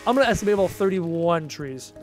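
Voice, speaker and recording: Over faint music, a young man with a Canadian accent streams a game, musing aloud and answering what viewers write. He talks fast in a high, expressive voice.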